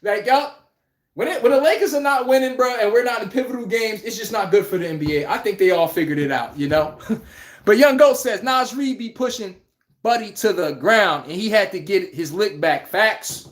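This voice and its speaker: Animated slangy man in a roomy echo. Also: high voice, moderate pace. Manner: animated, slangy, reads chat aloud. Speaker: host. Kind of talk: casual live-stream sports talk.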